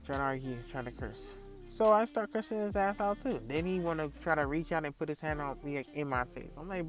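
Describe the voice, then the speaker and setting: In his early thirties, a vlogger rants casually to the camera in a fairly quick, higher-pitched voice. His heated story is packed with swearing and repetition, and faint music plays underneath.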